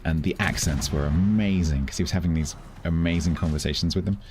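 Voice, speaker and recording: A man's voice: low voice, quick pace, noisy background. A man streaming a naval battle game, patiently explaining things step by step to a new player in a casual chatty way.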